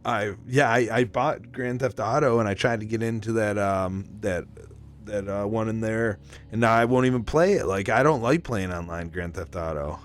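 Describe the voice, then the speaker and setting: A man chatting casually with his live stream audience. He rambles excitably, swears constantly and breaks into laughter between stories. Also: fairly low pitch, moderate pace. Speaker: livestreamer.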